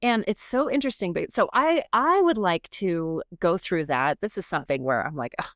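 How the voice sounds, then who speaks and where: A middle-aged woman professor, chatty and animated, often interrupting herself as she talks in a podcast interview. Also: on the low side, normal speed, no echo, clean studio sound. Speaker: guest professor.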